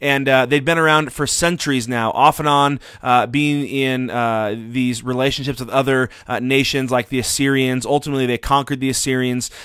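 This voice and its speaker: A man's voice: mid-range voice, fairly even intonation, normal speed, few pauses, a bit bright, clear, resonant tone, dry recording, clean studio sound. A man teaching a Bible study lesson in an earnest, conversational way, with frequent filler words.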